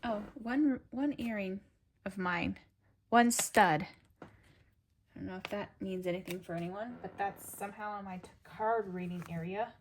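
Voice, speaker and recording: A woman's voice: mid-range voice, normal speed, slight background noise. Chatty woman giving a tarot reading. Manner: chatty, reads card meanings aloud then riffs on them; talks straight to the viewer, upbeat and coaxing. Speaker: tarot reader. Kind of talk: casual tarot reading to viewers.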